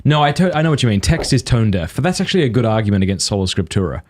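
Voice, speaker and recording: A man in his thirties hosting a casual podcast interview, hesitant with restarts and quick joking asides. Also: on the low side, big pitch swings, darkish tone. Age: 30s. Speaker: podcast host.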